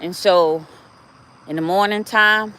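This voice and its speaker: A woman's voice: mid-range voice, takes it slowly. Chatty older woman vlogging on a walk. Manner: chatty, animated, talks to viewers. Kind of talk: casual walking vlog. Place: outdoors on a neighborhood walk. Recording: faint outdoor noise.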